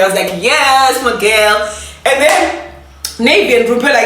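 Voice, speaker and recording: A woman's voice: a little high, expressive, measured pace, a bit bright, recorded from a distance. A young woman tells a birthday story in a loose, chatty way, laughing often and talking through mouthfuls of food. She sits back from the mic in a very echoey room with faint hiss behind her. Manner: chatty, laughing, talks while eating. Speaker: vlogger. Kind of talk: casual storytime vlog.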